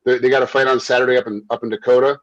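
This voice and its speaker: A man who works as a fight referee and once fought himself, telling stories in a casual interview, animated and quick to repeat himself and laugh. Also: mid-range voice, no echo, dull audio. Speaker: MMA referee and former fighter.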